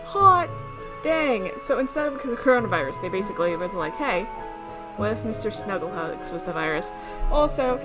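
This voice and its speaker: A woman hosting a let's play, reacting with excited gushing. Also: high-pitched. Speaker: gaming video host.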